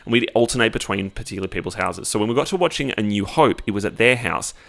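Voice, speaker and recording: A man co-hosting a casual film podcast, talking in an animated, emphatic way and swearing freely. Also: lowish voice, quick pace, vocal fry. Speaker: podcast co-host.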